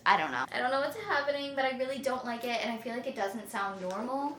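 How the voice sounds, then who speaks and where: A woman's voice: on the high side, expressive, fast talker, fairly bright tone, roomy sound, slight background noise. A young woman vlogging casually at home, chatting and saying "like" a lot as she cooks in her kitchen. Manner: chatty, full of "like" fillers. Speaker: lifestyle vlogger. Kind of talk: casual vlog chat to camera.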